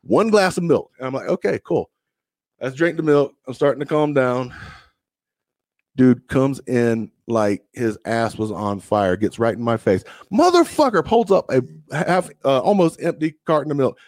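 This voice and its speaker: A man's voice: medium pitch, normal speed, a little mellow, no room sound. Profane, storytelling young man, dry sound. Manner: profane, drawling anecdotes with acted-out quotes. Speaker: podcast co-host. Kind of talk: casual storytelling chat.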